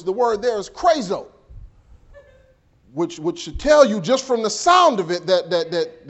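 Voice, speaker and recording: A man preaching with a high, lively voice that climbs and drops dramatically. He swings from hushed passages to raised cries and often repeats words as he builds his point. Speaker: pastor. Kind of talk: sermon.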